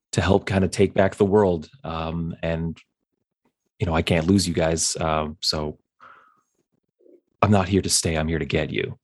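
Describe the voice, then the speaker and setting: A man's voice: sits low, darkish tone. A man playing a tabletop game, speaking in character in a hesitant, earnest way. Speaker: player. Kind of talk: in-character tabletop role-play.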